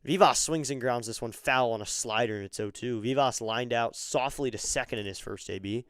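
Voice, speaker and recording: A man giving excitable live fan play-by-play of a baseball game on his stream, chatting with viewers between pitches. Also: fairly quick, clear, resonant tone, no room sound, clean studio sound. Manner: chatty, excitable on big plays.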